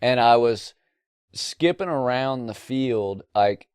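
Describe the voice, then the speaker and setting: A young man co-hosting a podcast, chatting casually and tossing in crude jokes and quick asides. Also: mid-range voice, expressive, darkish tone, clear, resonant tone, no room sound, clean studio sound. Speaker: podcast co-host. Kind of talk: casual banter.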